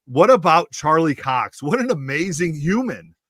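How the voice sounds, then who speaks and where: A man's voice: a little high, very animated, moderate pace, a bit bright, dry recording, studio quality. A man hosting a comics podcast, chatting in a casual and enthusiastic way. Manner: enthusiastic, gushing. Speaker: podcast host.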